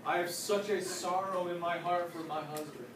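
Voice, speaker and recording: A man's voice: high voice, steady tone, moderate pace, background noise, lightly acted. A man voicing a devoted, grieving young wife who speaks earnestly. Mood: pleading. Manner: earnest, pleading. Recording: echoey room from a distance.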